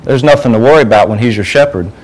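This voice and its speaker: A man's voice: mid-range voice, racing, darkish tone, poor audio. A man giving an informal sermon to a youth group, talking conversationally and asking the group questions.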